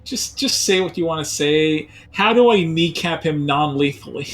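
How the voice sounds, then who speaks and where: High-voiced man arguing at the game table. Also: animated, moderate pace, fairly bright tone, faint music behind. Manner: interjecting, insistent arguing. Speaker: player. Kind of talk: casual tabletop game chat.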